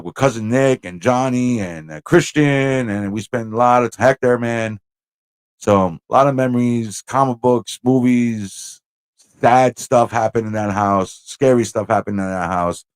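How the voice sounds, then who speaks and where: A man hosting a casual livestream, telling stories in an animated way, swearing and slipping into put-on voices. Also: mid-range voice, clean tone, no room sound. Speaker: host.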